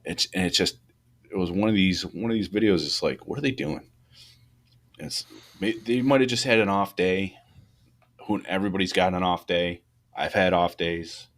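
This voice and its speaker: A man co-hosting a fire service podcast, talking through a fire video in loose, rambling shop talk with many restarts, rising in pitch when he gets animated. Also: moderate pace. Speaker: podcast co-host, fire truck company boss. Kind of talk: casual shop talk about firefighting.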